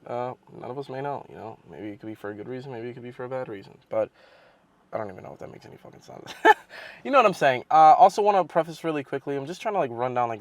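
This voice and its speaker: A young man telling a casual, rambling story for his fitness vlog. He swears often and gets animated as he talks. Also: mid-range voice. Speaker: fitness vlogger.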